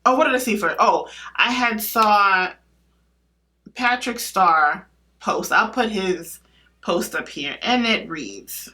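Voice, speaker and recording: A woman's voice: medium pitch, slow. A woman giving her opinions in a casual vlog, blunt and emphatic, asking herself rhetorical questions and answering them. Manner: blunt and animated, with casual slang. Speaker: beauty vlogger.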